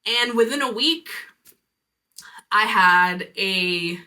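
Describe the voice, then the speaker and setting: A woman's voice: mid-range voice, drawn-out words, sharp tone. A woman hosting a podcast, telling a personal story in a candid, reflective way with casual fillers. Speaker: podcast host.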